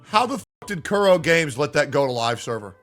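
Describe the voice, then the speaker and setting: A man's voice: on the high side, very animated, a little fast, fairly bright tone, faint music behind. A male livestreamer who argues with his chat and swears a lot. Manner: argumentative, profane, talks back to chat. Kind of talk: live-stream chat reacting to viewers.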